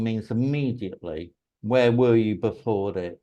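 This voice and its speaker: A man with an English accent, a teacher explaining English usage in a relaxed way and telling anecdotes. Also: on the low side, moderate pace, poor audio.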